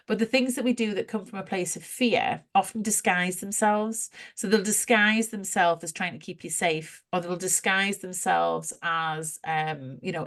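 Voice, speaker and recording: A woman co-hosting a podcast, chatting casually about spiritual ideas, animated and quick to laugh. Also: lowish voice. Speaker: podcast co-host.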